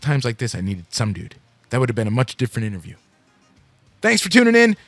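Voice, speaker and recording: A man's voice: medium pitch, wildly swooping pitch, quick pace, no room sound, faint music behind. Fields: Sex: man. Role: internet radio host. Style: casual sign-off and promos. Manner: profane, rambling, hyped.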